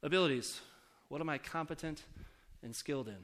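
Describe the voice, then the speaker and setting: A man's voice: a little high, fairly quick, fairly bright tone. Man, pastor, conversational sermon, asks the congregation questions, tells stories. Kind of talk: sermon with storytelling.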